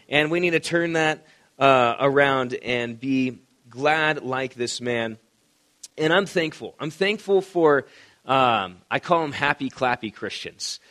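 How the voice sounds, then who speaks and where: A man's voice: fairly high pitch, a bit bright. Conversational male pastor preaching. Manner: conversational, storytelling with quoted voices. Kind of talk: sermon.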